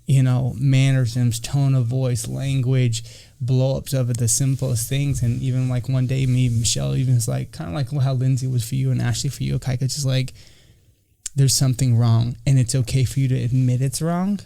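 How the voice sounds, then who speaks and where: A man's voice: mid-range voice, little pitch movement, moderate pace, creaky, mellow. A man speaking in an encouraging and candid way in a casual podcast chat. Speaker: podcast guest, returning regular.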